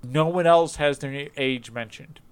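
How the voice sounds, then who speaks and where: A man chats casually, rambling through ideas with many fillers and restarts, laughing often and getting animated when he jokes. His voice is smooth and a little high, and he speaks a little slowly.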